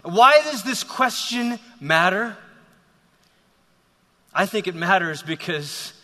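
High-voiced guy preaching, lots of restarts, long echo like a big hall. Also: takes it slowly. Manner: animated storytelling, frequent restarts. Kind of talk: sermon.

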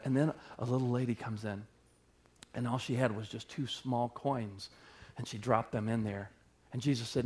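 A man preaching a sermon as pastor, swinging between loud emphatic bursts and quiet low passages. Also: steady tone, normal speed.

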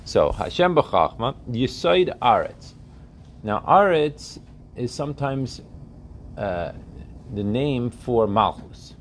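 A man's voice: medium pitch, sing-song, slow, slight background noise. A man teaching a religious text class, often asking his students questions and checking that they follow.

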